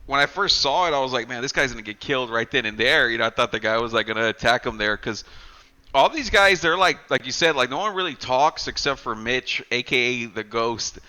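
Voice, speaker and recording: A man co-hosting a casual movie podcast, excitedly retelling scenes, acting out lines and swearing loosely, with lots of filler words. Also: mid-range voice, brisk. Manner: heavy filler words like "like" and "you know". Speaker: podcast co-host. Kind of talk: casual chat.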